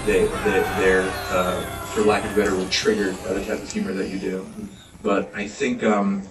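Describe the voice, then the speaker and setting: A man's voice: deep voice, flat delivery, normal speed. A man deadpanning through a comedic interview, pressing his guest with questions. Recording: roomy, distant, under game music.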